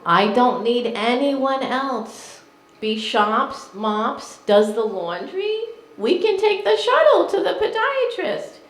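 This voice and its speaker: A woman's voice: high-pitched, big pitch swings, takes it slowly, voice pushed up, full character voice. A woman voicing her elderly mother, a fussy, worried Jewish mother with a New York accent who nags and gives orders. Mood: nagging. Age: older. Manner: nagging, worried, bossy. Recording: echoey room, live crowd.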